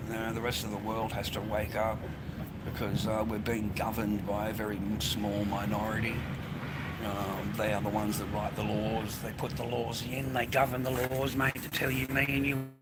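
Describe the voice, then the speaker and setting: A man's voice: lowish voice, level tone, normal speed. An Australian man ranting to his phone as he walks along a street, rambling and profane, calling everyone mate and bro. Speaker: vlogger. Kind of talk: ranting monologue to camera while walking. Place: outdoors, walking along a street and path. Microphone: phone held while walking. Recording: phone recording with loud street noise. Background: loud traffic and street noise.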